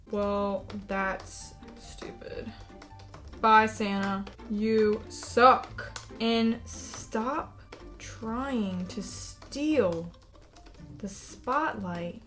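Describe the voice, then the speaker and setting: A young woman chatting casually with chatbots, blunt and sarcastic with a deadpan delivery. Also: medium pitch, extremely slow, faint music behind. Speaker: YouTuber. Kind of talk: casual chat while role-playing with chatbots.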